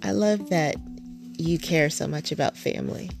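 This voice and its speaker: Over music, a woman who is a mother talks at a moderate pace in a low, creaky voice while hosting a podcast. The chat is casual and earnest, peppered with fillers and frequent restarts.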